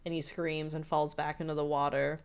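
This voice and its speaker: A woman's voice: sits low, level tone, normal speed, smooth. A woman co-hosting a podcast, chatting casually through an episode recap with lots of "like" fillers. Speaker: podcast co-host.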